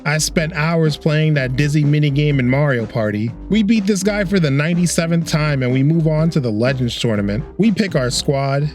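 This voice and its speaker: A man's voice: on the high side, normal speed, few pauses, a little mellow, faint music behind. Sarcastic man narrating game footage. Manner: sarcastic, joking. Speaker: video host. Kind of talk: comedic game commentary narration.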